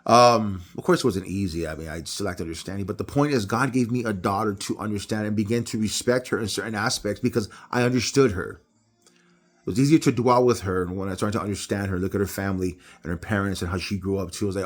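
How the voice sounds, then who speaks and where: A middle-aged man giving a relaxed, conversational sermon on scripture. He tells personal stories with lively delivery, often jumping higher in pitch as he acts things out. His voice sits at an ordinary middle pitch. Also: brisk. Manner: animated storytelling, jumps high when acting out others. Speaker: preacher. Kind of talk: casual Bible devotional talk.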